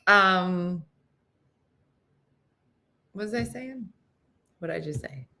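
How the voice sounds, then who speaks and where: Rambling, chatty woman host, lowish voice. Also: animated, slow pace, sharp tone, slight background noise. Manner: rambling, chatty, loses her train of thought; laughs at her own stories. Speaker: morning show host. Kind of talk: casual chat.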